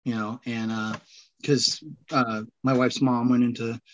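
A man's voice: mid-range voice, flat delivery, unhurried, dull audio. A man chatting as a podcast guest, rambling and joking, laughing at himself. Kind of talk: casual chat.

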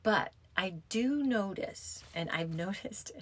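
Husky-voiced woman chatting about yoga. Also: medium pitch, lively intonation, slow. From United States. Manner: chatty, rambling with many restarts and fillers. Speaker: yin yoga teacher. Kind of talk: casual reflective talk.

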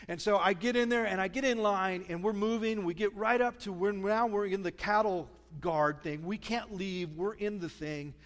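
A man's voice: high-pitched, normal speed, few pauses, a bit bright. A middle-aged man preaching a sermon, telling stories in a chatty, self-mocking way. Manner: storytelling, chatty, self-deprecating humor. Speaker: pastor. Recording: long reverb of a large church hall.

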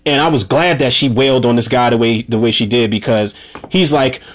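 A man's voice: medium pitch, brisk, a little hiss or hum. A man casually recapping a movie scene by scene, rambling and swearing freely, with lots of "you know" and "man". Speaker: movie reviewer.

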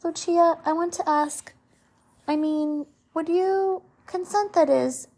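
Timid young suitor, read by a woman, hesitant, husky. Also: a little high, lively intonation, a little slow, mellow, heavily acted. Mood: nervous. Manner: hesitant, fumbling. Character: shy nervous young man in love. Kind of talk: storybook read-aloud.

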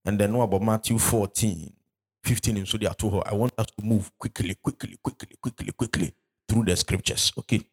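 A man preaching a sermon in a church hall, urging the congregation along and rising loud when he reads scripture. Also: on the low side, fairly even intonation, brisk, breathy edge.

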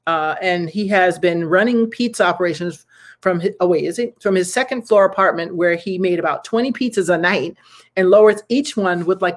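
A speaker in their thirties hosting a casual good-news talk, rambling and chatty with frequent laughs and fillers and earnest, preachy asides. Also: mid-range voice. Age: 30s. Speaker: podcast host and nonprofit founder.

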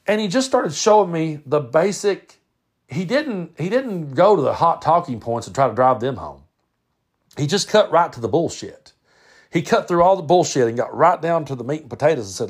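A man's voice: fairly high pitch, expressive, normal speed, breathy edge. A middle-aged man from Tennessee with a Southern accent, hosting a podcast and telling a personal story in a folksy, plainspoken way with frequent restarts. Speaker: podcast host.

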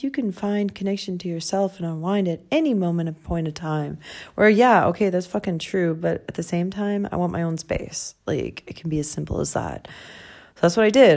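A young woman in a personal travel vlog speaks candidly and emotionally, crying, laughing through her tears, and swearing casually. Her voice is mellow and on the low side.

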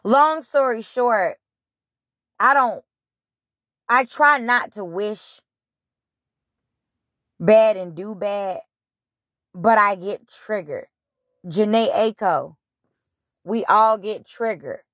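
Woman host, unhurried delivery, dry close sound, blunt and profane. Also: mid-range voice, no room sound. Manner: animated, blunt, profane, retelling scripture in her own words. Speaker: podcast host. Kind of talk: casual spiritual monologue.

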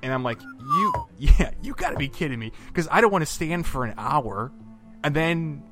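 A man co-hosting a podcast, telling a vacation story in a lively, chatty way with lots of fillers and acted-out quotes. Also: on the high side, moderate pace, over loud music. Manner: animated storyteller, acts out quotes, many fillers and restarts. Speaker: podcast co-host.

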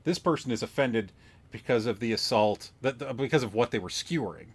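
A man's voice: mid-range voice, expressive, a little fast, husky. A man co-hosting a movie podcast, chatting casually and animatedly, often repeating words for emphasis and laughing. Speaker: podcast co-host.

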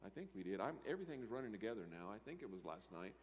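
A man preaching a sermon, moving between loud emphatic lines and quiet asides. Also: fairly low pitch, sing-song, very fast. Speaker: pastor. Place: church sanctuary. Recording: church hall reverb.

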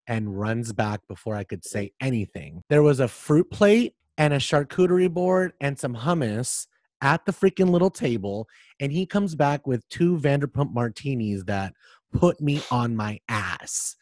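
Animated profane podcast host, man. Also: medium pitch, normal speed, dry recording, studio quality. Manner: animated, profane storytelling with joking asides. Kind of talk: casual pop culture chat.

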